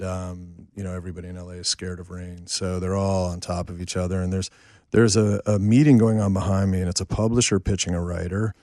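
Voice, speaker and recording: A man who writes and produces songs, telling a rambling, lively story as a guest in a casual chat at home, full of fillers and asides. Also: sits low, creaky, no echo, clean studio sound. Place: a home, indoors.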